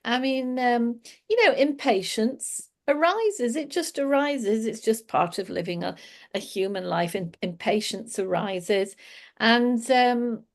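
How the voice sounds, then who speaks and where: A woman's voice: fairly high pitch, animated, slow pace. A woman giving a casual, reflective spiritual talk, laughing often as she explains. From England. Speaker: spiritual teacher.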